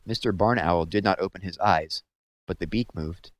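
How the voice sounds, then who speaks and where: A man reading a children's book aloud with expressive storytelling, close to the mic. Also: low voice, moderate pace, no room sound. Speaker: read-aloud host.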